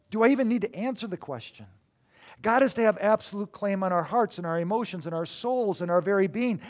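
Sitting high in pitch, this man preaches as a pastor, forceful throughout and abruptly shifting between booming declarations and hushed side remarks.

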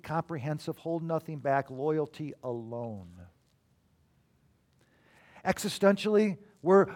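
A man preaching a sermon as a pastor, emphatic, with sudden swings between loud declarations and quiet asides. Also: high-pitched.

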